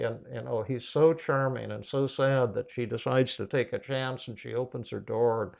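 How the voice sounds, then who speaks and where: A man hosting a podcast, telling a story in a casual, animated way with many restarts. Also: medium pitch, normal speed, vocal fry, hardly any pauses. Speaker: podcast host and psychiatrist.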